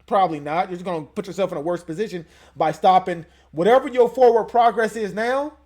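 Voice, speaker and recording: A man's voice: sits high, fairly quick, a little mellow. A man hosting casual reaction commentary in a laid-back, conversational way. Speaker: commentary channel host.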